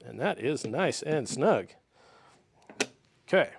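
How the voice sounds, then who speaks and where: A man talking through a guitar repair step by step in his workshop, relaxed and methodical as he works with his hands. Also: mid-range voice, slow, creaky, a little hiss or hum. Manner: relaxed, methodical, talks while working with hands. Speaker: luthier demonstrating a repair.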